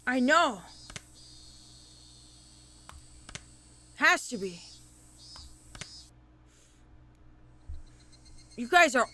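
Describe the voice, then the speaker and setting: A woman's voice: high-pitched, bright, forceful tone, voice pushed down. A woman reading a horror game's text aloud as a frightened, paranoid young narrator, in a haunted, repetitive way. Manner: haunted, repetitive, mounting dread.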